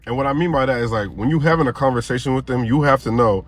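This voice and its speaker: A man's voice: mid-range voice, quick pace. Man giving laid-back dating commentary. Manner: conversational, laughs while arguing a point. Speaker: reaction channel host. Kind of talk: casual commentary.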